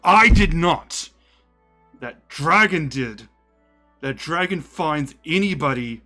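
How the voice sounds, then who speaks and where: A man's voice: mid-range voice, a bit bright. A man voicing a drunk, grieving ancient dragonlord king, ranting in despair.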